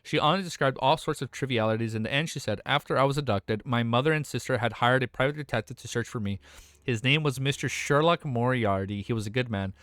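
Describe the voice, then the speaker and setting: A man's voice: mid-range voice, fast, fairly bright tone, clean tone, no room sound. A young man reading a web novel aloud on a live stream, stumbling over words and breaking off to react emotionally with casual swearing and slang.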